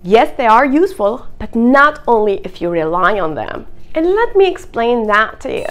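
Lively, animated woman teaching English. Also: a little high, moderate pace, faint music behind. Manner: expressive, playful, direct to camera. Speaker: English teacher and content creator. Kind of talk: energetic video lesson.

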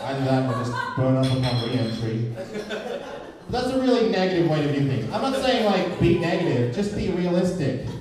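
Audience laughter rises in the background as a man with a voice on the high side and big pitch swings delivers a rambling, sardonic stand-up set at a moderate pace. The indoor comedy venue sounds echoey through a distant mic, crowd and all.

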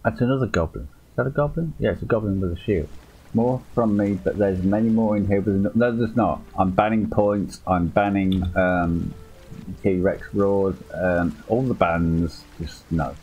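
A man's voice: sits low, normal speed, a little mellow, dull audio. A man chatting through a live game stream, joking and swearing in exasperation. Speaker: gaming streamer. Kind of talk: live-streamed gameplay chat.

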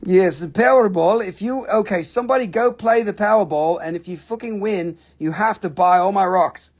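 A man with a fairly high voice hosts a live online sale of rocks and minerals. He banters loosely and swears often. He keeps drifting in and out of mock accents for laughs. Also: normal speed, darkish tone, slightly rough. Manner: joking, profane banter with playful put-on accents. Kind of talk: casual live sales stream.

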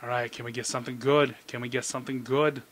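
A man hosting a casual card-pack opening commentary. He rambles excitedly, squeals with delight and mocks himself in quick asides. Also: mid-range voice. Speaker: channel host. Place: indoor room under an overhead light.

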